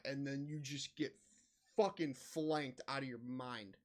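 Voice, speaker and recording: A man's voice: mid-range voice, a little slow, darkish tone. A man giving comedic reaction commentary, ranting in exasperation and swearing heavily. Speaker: reaction video host.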